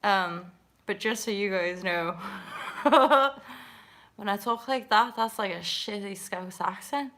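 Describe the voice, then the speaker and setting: A woman's voice: medium pitch, slow, a bit bright. A woman hosting a casual livestream, chatting in a bubbly way, laughing often and swearing freely. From Canada. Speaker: livestream host.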